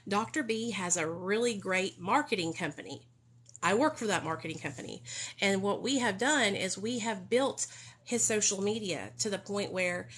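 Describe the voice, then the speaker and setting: A woman's voice: mid-range voice, a bit bright, husky. A young adult woman chatting casually on a live stream, talking emphatically and defensively, reading viewer comments. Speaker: vlogger on recovery.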